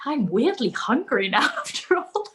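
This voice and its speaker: A woman's voice: high voice, sing-song, unhurried, fairly bright tone, low-quality recording. A woman hosting a casual live-stream chat, gushing and rambling, with many restarts. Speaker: host.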